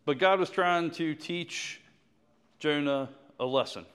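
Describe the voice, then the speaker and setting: A male pastor preaching a sermon, reading scripture slowly and laughing often as he talks. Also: fairly high pitch, fairly bright tone, smooth.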